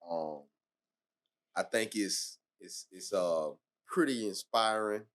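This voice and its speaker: A man hosting a podcast, asking halting, rambling questions with many fillers. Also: lowish voice, a bit bright. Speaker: podcast host. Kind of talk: casual interview talk.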